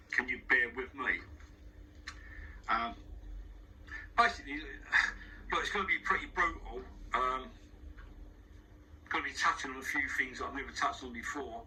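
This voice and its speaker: A man's voice: mid-range voice, sharp tone, distant mic, slight background noise, rough recording. Rambling man with a London accent. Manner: rambling, frank, with frequent restarts and swearing. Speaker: interview guest. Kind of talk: casual spoken monologue. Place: studio. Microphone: wearing headphones.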